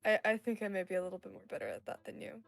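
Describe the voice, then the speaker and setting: A woman player in a tabletop game, teasing and quick with banter. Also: medium pitch, lively intonation, vocal fry, soft background music. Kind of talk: casual tabletop play.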